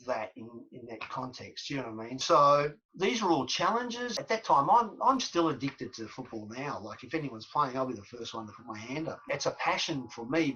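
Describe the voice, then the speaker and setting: Animated Australian man in his fifties, husky. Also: a little high, muffled recording. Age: 50s. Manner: animated storyteller, repeats phrases for emphasis. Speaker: guest, former footballer. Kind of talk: storytelling interview.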